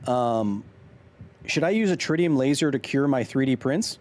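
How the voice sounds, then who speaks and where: A man's voice: mid-range voice, brisk, a little mellow. A man in his thirties hosting a casual live stream, joking while reading chat aloud. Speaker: streamer and host.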